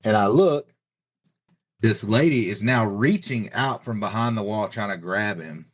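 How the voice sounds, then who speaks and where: A middle-aged man speaks in a very low, deep voice. He tells a long personal story in a loose, rambling way, with lots of "you know" and "like." He sounds like an easygoing podcast guest. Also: lively intonation, a little slow. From Texas. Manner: rambling, filler-heavy retelling with many "you know" and "like". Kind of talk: casual storytelling.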